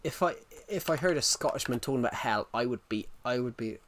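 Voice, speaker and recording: A man's voice: medium pitch, lively intonation, fairly quick, fairly bright tone, a little hiss or hum. A man streaming live, chatting casually, reacting to chat and rambling through restarted sentences.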